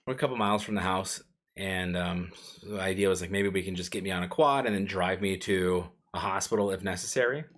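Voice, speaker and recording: A man's voice: sits low, brisk, fairly bright tone. Easygoing man telling a story. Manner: rambling, filler-heavy, laughs while telling. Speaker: podcast co-host. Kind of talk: casual storytelling.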